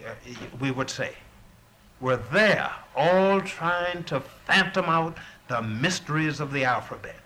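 A man's voice: mid-range voice, sharp tone, low-quality recording. A middle-aged man speaking earnestly in an interview, with a preacherly build and repeated words as he presses a point. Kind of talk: impassioned recollection.

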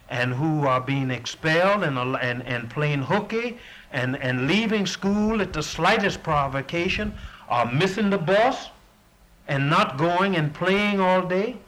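A man's voice: fairly high pitch, a bit bright, rough recording. A middle-aged man speaking earnestly in an interview, with a preacherly build and repeated words as he presses a point. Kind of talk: impassioned recollection.

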